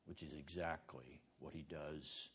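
A man's voice: a bass voice, steady tone, a little slow, fairly bright tone, breathy edge. A man teaching a seminary classroom lecture, stressing his points with rhetorical questions and calling on students by name. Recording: dull lo-fi classroom recording.

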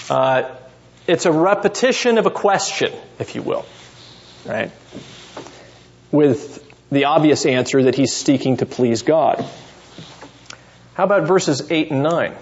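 A male seminary professor leading a classroom Bible lesson, putting questions to students by name and thinking aloud as he goes. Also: on the high side. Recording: dull lo-fi classroom recording.

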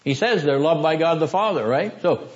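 Throat-clearing male lecturer questioning a class. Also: a little high, lively intonation, moderate pace. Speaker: seminary lecturer. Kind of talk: classroom lecture on Greek scripture. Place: classroom with students. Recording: dull lo-fi classroom recording.

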